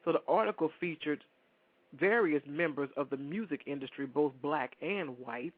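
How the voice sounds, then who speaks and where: Man, radio host, rambling casual chat, slightly high pitch, lo-fi phone-line quality. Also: no room sound. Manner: rambling, chatty, addresses listeners directly. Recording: dry, phone-like lo-fi sound.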